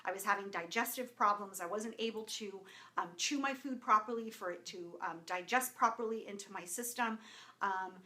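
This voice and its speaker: In a live video from her home, set up with a camera and lighting, a Southern California woman in her thirties chats casually with viewers, greeting them by name. Her medium-pitched, sharp voice moves at a normal speed, full of fillers, and she is openly emotional, close to tears.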